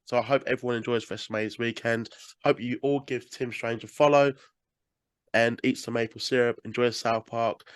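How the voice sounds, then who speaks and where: A man's voice: medium pitch, fairly even intonation, brisk, clean tone, dry recording. Congested British man hosting a podcast. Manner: chatty, rambling, swears casually. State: congested with a cold. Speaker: podcast host. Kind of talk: casual podcast interview.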